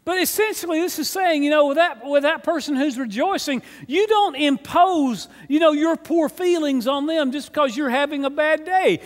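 A man preaching a sermon as pastor, earnest and conversational, often repeating words as he starts a phrase. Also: very high-pitched. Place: church sanctuary. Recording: long hall reverb.

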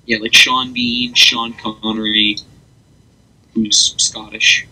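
Bright husky young man, chatty. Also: mid-range voice, slow, poor audio. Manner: rambling, animated storytelling with laughs. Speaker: podcast co-host. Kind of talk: casual chat.

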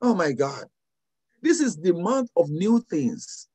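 A woman's voice: lowish voice, big pitch swings, slow, warm tone, breathy edge, poor audio. A woman pastor preaching and praying over a video call, impassioned, repeating phrases and often raising her voice. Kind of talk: fervent sermon and prayer.

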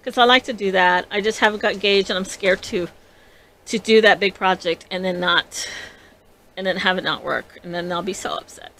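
A woman hosting a casual crafting vlog, chatty and excitable, rambling with frequent restarts. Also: mid-range voice, normal speed. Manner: bubbly and excitable. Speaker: podcast host.

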